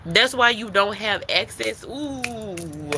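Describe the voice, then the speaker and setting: A woman's voice: medium pitch, expressive, slow pace, noisy background. A woman giving a spiritual tarot reading, emphatic and repetitive, who calls the listener baby and swears casually. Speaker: intuitive card reader.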